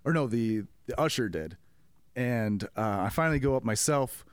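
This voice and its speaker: Man, mid-pitched, animated storyteller acting out voices; dry close podcast mic. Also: normal speed, clean tone, dry recording. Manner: animated storyteller, acts out quotes, laughs often. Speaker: podcast co-host, comedy club staff. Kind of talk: casual storytelling chat.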